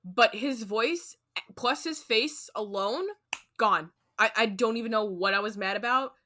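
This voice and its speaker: A woman in her twenties co-hosting a podcast, chatting casually with animated, profane storytelling. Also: a little high, a little slow. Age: 20s. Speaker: podcast co-host. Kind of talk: casual chat.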